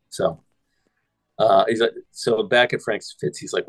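Low-voiced man recapping a movie. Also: moderate pace, dry recording, low-quality recording. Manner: retells scenes, quotes lines, swears freely. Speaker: podcast host. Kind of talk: casual film recap chat.

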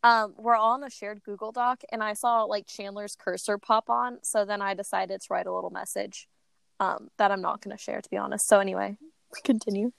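A woman's voice: medium pitch, little pitch movement, fairly quick, vocal fry, fairly bright tone, dry recording. A young woman co-hosting a podcast, telling a playful story in casual chat with lots of fillers. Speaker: podcast co-host.

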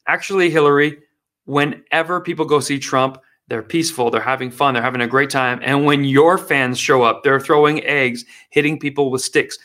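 A man's voice: mid-range voice, fairly even intonation, moderate pace, bright, forceful tone. Sarcastic man doing political stand-up. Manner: sarcastic, mocking. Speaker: comedian.

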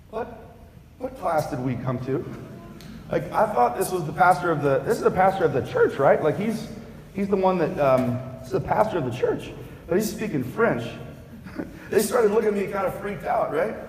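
A male pastor delivers a sermon with animated storytelling, punching his stories with sound effects. His voice sits a bit high for a man. The sound rings with the long reverb of a big church hall.

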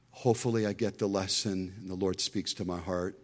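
A middle-aged male pastor delivers a sermon in a lowish voice. He preaches with strong emphasis, breaking off into stories and asides along the way. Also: little pitch movement, moderate pace, few pauses.

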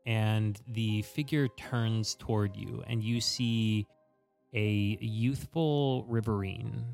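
A man's voice: lowish voice, steady tone, takes it slowly, vocal fry, a little mellow, clean tone, soft background music. A man narrating as game master of a tabletop game, describing scenes casually with frequent restarts.

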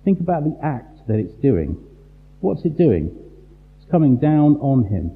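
A man preaching a sermon, emphatic and full of rhetorical questions and dramatic pauses. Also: medium pitch, big pitch swings. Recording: tinny phone-like sound in a large reverberant hall.

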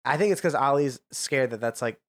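A man co-hosting a sports podcast who talks in an animated, rambling way and often retells what others have said. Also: mid-range voice, fairly quick, no room sound. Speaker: podcast co-host. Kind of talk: casual sports chat.

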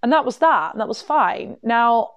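A woman's voice: fairly high pitch, expressive, moderate pace, dry recording, highs cut off. A woman telling a personal story to her viewers in a casual, rambling way, full of fillers and asides. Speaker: vlogger.

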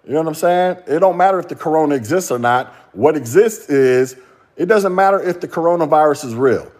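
A man's voice: on the high side, a little fast, darkish tone. Mocking man ranting on a podcast. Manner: mocking, laughing, profane, rhetorical questions. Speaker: podcast host. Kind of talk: solo podcast rant.

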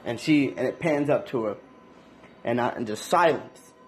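A man casually reviewing an anime episode in loose, slangy talk, with lots of restarts and animated reactions. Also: medium pitch, moderate pace, soft background music.

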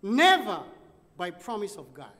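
A Texan man preaches from the pulpit, telling a story and voicing everyone in it. His voice sits high and swings widely in pitch. The sound carries the long reverb of a large hall. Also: unhurried. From United States. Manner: animated, acts out both sides of the story. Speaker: pastor. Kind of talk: sermon storytelling.

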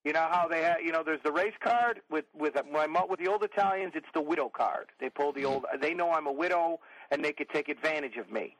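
A middle-aged man tells profane, rambling comic stories in a fairly high voice. The sound is dry and close, with no room around it. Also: brisk, few pauses, a bit bright, no room sound, rough recording. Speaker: podcast guest. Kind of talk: profane storytelling chat.

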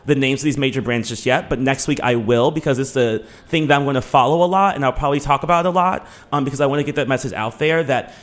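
A man co-hosting a casual podcast, excitable and chatty, quick to laugh. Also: medium pitch. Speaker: podcast co-host.

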